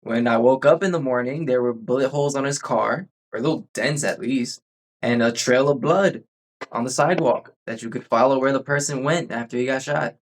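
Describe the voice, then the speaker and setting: A man's voice: mid-range voice, normal speed. A man chatting casually on a podcast, telling rambling stories with frequent restarts. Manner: rambling storyteller, restarts often. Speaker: podcast host. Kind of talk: casual chat.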